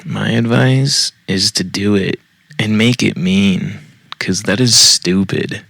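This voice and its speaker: A man's voice: lowish voice, slow, vocal fry, fairly bright tone, no echo. A man hosting a podcast, reading online posts aloud and reacting bluntly with heavy profanity. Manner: blunt, profane, laughs at his own jokes. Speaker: podcast host.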